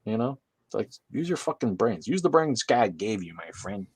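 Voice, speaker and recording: A man with a somewhat low voice runs a casual livestream from his room, reading viewer comments and firing back sarcastic, swearing jokes. The sound is dry and close, with no room echo. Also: very animated, moderate pace, darkish tone, husky. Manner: sarcastic, joking, swears freely. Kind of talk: casual profane livestream chat.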